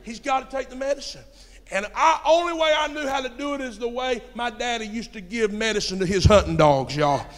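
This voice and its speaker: A young man, a pastor preaching a sermon in a church with folksy storytelling, swinging from quiet asides to shouting. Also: very high-pitched, expressive, brisk. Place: church sanctuary. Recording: long hall reverb.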